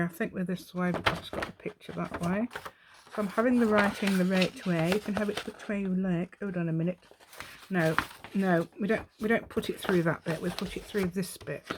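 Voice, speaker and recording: A woman's voice: medium pitch, noisy background. Rambling woman chatting through a craft project. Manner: rambling, talks to herself while working. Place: at home.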